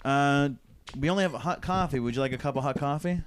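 A man co-hosting a comedy podcast, trading quick, teasing jokes in a home kitchen. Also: a little high, noisy background. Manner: animated, quick, teasing roasts. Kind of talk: improvised comedy banter.

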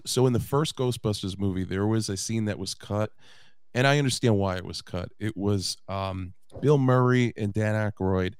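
Late-30s guy recapping a movie, lowish voice, dry mic, swears casually. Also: a little mellow, smooth, no echo. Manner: summarizes plot, casual swearing. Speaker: podcast host.

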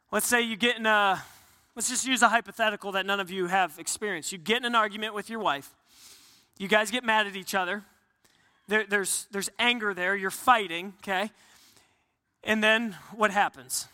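A man's voice: high voice, pushed and bright, big-room sound. A male pastor preaching in a casual, candid way, with joking asides to the congregation. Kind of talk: conversational sermon.

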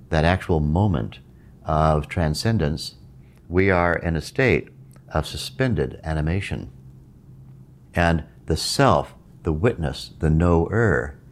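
Very deep-voiced man teaching meditation. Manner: measured, repeats phrases for emphasis. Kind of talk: reflective spoken teaching.

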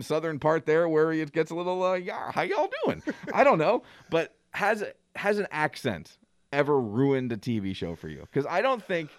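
A man's voice: on the high side, no room sound, clean studio sound. Rambling self-deprecating radio co-host man. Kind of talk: casual radio talk show chat.

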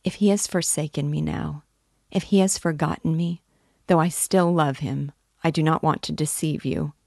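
A woman's voice: low-pitched, steady tone, moderate pace, vocal fry, a little mellow, no room sound, clean studio sound. A woman reading the part of an emotional young woman torn in love, pleading and breaking off mid-sentence. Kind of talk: dramatic reading of a novel.

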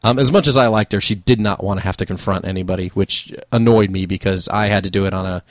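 A man co-hosting a podcast, telling work stories in an animated way, swearing freely and laughing mid-sentence. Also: deep voice, fast talker, no echo, studio quality. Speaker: podcast co-host. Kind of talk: casual storytelling chat.

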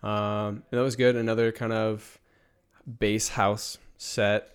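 A man's voice: lowish voice, flat delivery, slow, clear, resonant tone. A young man co-hosting a podcast, talking in a laid-back, chatty way that trails off and restarts. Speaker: podcast co-host. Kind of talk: casual chat.

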